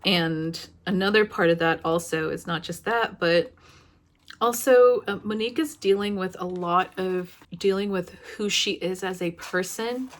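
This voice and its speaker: A young adult woman giving a casual book review vlog, talking in an emotional, halting way with many fillers and restarts. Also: on the low side.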